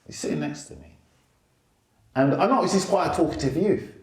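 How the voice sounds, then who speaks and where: A middle-aged male stand-up comedian, telling animated stories in a casual interview. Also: brisk, echoey room. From England. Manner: animated, lively storyteller who jumps up in pitch for quotes.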